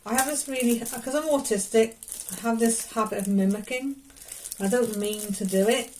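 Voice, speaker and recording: A woman's voice: a little high, normal speed, a little mellow, a little hiss or hum, poor audio. Chatty woman vlogging in her kitchen. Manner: chatty, rambling, self-deprecating asides. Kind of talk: casual cooking vlog. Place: home kitchen.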